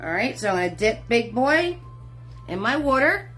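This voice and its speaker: A woman's voice: a little high, big pitch swings, moderate pace, a bit bright. A middle-aged woman teaching a live online painting class, chatty and encouraging, greeting viewers by name and calling them sweetheart and hun. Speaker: painting instructor. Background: faint music.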